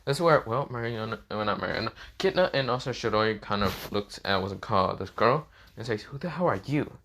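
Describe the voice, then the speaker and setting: A man's voice: fairly low pitch, a little fast, fairly bright tone, a little hiss or hum. A man improvising a fan story in a rambling way, full of fillers like "well" and "of course", with casual swearing. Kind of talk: improvised fan-fiction narration.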